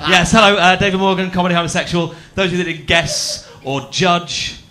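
A man's voice: high-pitched, steady tone, a little fast, pushed and bright. A young man from Birmingham doing a stand-up set on a festival stage, chatty, camp and self-mocking, teasing the audience. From Birmingham, England. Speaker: stand-up comedian. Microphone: handheld stage mic on a cable.

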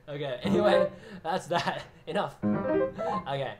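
A man with a slightly higher-than-usual voice chats in a loose, rambling way as he hosts a piano livestream. He laughs easily and talks straight to his viewers. Soft piano plays faintly behind him. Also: expressive, takes it slowly. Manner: rambling and chatty, reads out viewer names, laughs often. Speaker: livestream host and pianist. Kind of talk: casual livestream chat.

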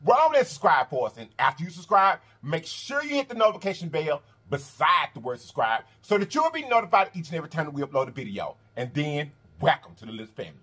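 Lively high-voiced man hosting an eating vlog. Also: fast talker, few pauses, husky. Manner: animated, repetitive, addresses viewers as y'all and honey. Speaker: mukbang host. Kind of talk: casual eating vlog talk.

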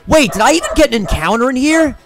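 A young man joking and laughing loudly as he plays a video game and chats with a friend. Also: extremely high pitch, fast talker, over music. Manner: excitable, jokey, bursts into loud laughs and sing-song. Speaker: co-host playing a video game. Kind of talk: casual gaming commentary.

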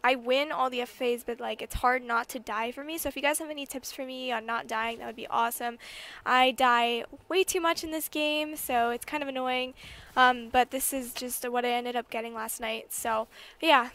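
A young woman with a high voice tells a story to her camera from her bedroom. She talks casually, full of filler words, and gets excited and emphatic at the big moments. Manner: chatty, lots of fillers, rising to excited emphasis. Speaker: vlogger.

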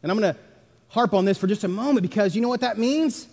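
A man preaching a sermon as pastor, emphatic, swinging between loud stresses and hushed asides. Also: high-pitched, fast. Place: church sanctuary. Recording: long church reverb.

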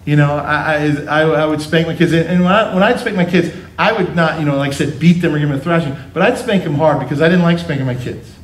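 This pastor, a middle-aged man, talks fast with hardly any pauses in a voice on the high side. Preaching to his congregation, he shares family stories with playful asides and impersonations, recorded at a distance with roomy sanctuary acoustics.

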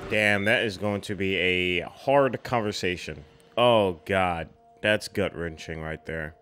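Slow-talking excitable man reacting. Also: low-pitched, faint music behind. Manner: excitable, exclaiming, slangy. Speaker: reaction video host. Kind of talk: casual reaction commentary.

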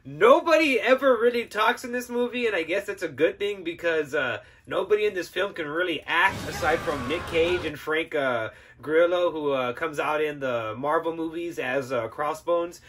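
High, bright-voiced ranting man. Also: moderate pace, hardly any pauses, a little hiss or hum. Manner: profane, excitable, sarcastic, laughs often. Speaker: podcast host. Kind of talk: casual film review rant.

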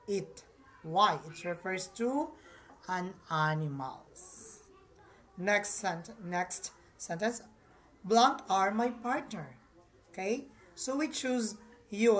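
A woman teaching an English grammar lesson, patiently repeating each point and addressing her viewers as class. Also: lowish voice.

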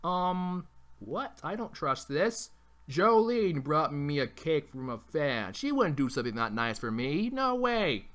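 Fairly high-pitched and sing-song, this man talks at a measured pace with a slightly bright sound. Playing a video game blind for the first time, the let's play gamer jokes crudely, swears heavily, and trash-talks, throwing out mock taunts at enemies in bursts over faint game music.

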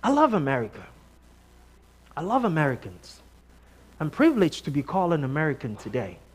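A man from Nigeria, preaching a sermon in church as a guest preacher, telling stories with animated delivery and acting out the voices of others. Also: fairly high pitch, a little fast.

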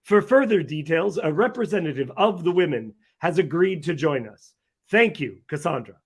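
A man co-anchoring a mock news show, reading absurd headlines deadpan. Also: a little high, moderate pace. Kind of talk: scripted comedy news reading.

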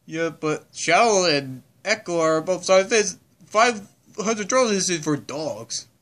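A man's voice: sits high, lively intonation, a bit bright. A man narrating a toy story in stops and starts, telling the other player what to say. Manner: halting, restarts, narrates then voices toys. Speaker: storyteller directing toy play. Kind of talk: playful toy role-play.

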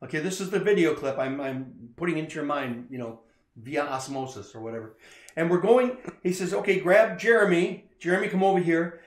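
A man preaching a casual sermon, retelling a movie scene in an animated way. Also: fairly high pitch, fairly quick, roomy sound. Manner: animated storyteller, acts out quoted lines louder. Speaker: pastor.

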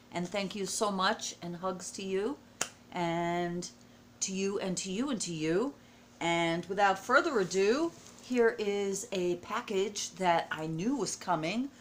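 Speaking in a lowish, unhurried voice, a middle-aged woman from the United States opens a package on a casual home vlog, exclaiming with emotion and gushing. There's slight background noise.

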